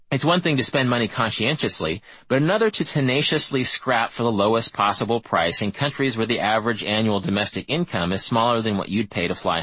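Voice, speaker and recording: A man narrating a nonfiction audiobook in a measured, wry first-person reading style. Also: fairly low pitch, fairly bright tone, breathy edge, dry recording, low-quality recording.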